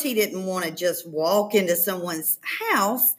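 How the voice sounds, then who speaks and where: A woman reading a children's story aloud in an expressive, playful storytelling manner. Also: lowish voice, a little slow.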